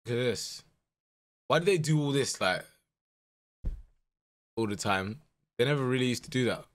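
Excitable young man. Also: mid-range voice, moderate pace. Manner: animated, swings from muttered dread to shouting excitement. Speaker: gaming YouTuber. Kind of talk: live gameplay commentary.

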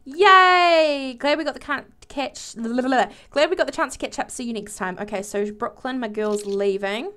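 A woman giving casual, excitable commentary while playing a life-simulation game, giggling and exclaiming often. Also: a little high, a little fast, hardly any pauses. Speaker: let's play gamer.

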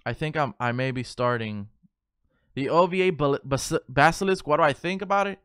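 This recording is dry and studio quality, capturing a man whose voice is a little high, fairly bright, clear and resonant, at a normal speed. He livestreams a game while loosely chatting with viewers, rambling and cursing freely.

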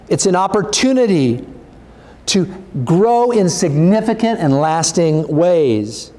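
A man's voice: sing-song, slow, dark tone. A male pastor preaching a sermon, earnest and urging, his voice rising as he exhorts the congregation. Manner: earnest, urging, rises in pitch when exhorting.

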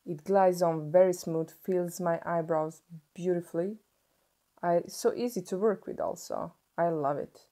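A young woman from Sweden does a casual makeup unboxing in English, enthusing over every item and breaking off to restart as she unwraps. Her voice runs slightly low, warm and mellow rather than bright.

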